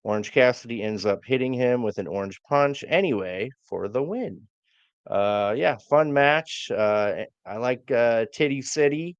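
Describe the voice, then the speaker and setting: A man's voice: medium pitch, expressive, a little slow, clean tone, no echo, muffled recording. A man co-hosting a wrestling podcast, recapping matches in a hesitant way with lots of fillers. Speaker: podcast co-host.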